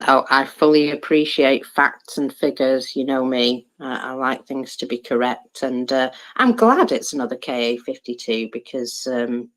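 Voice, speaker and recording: A woman co-hosting an online audio chat about war news, halting with fillers and restarts, with dry sarcasm. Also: a bass voice. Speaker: co-host commenting on war news. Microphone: Twitter Space audio.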